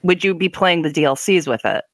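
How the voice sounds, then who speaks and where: A stream co-host chats casually with a cheerful, easy manner. The voice sits at an ordinary pitch and comes through a dry, close mic. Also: animated, a little fast, fairly bright tone, no room sound.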